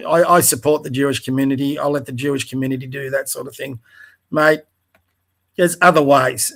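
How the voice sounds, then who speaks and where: A man's voice: a little high, gravelly, bright, forceful tone. A middle-aged Australian man hosting a livestream, bluntly and profanely ranting as he reads and mocks posts. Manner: blunt, profane, scornful asides. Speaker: livestream host. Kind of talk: angry live rant reading social media posts.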